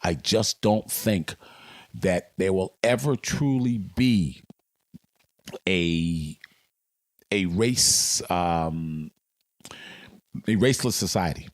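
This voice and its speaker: Deep-voiced older man telling stories emphatically. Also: unhurried, pauses often, no echo. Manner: emphatic, dramatic storyteller. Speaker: guest, veteran sportscaster. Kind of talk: storytelling in a podcast interview.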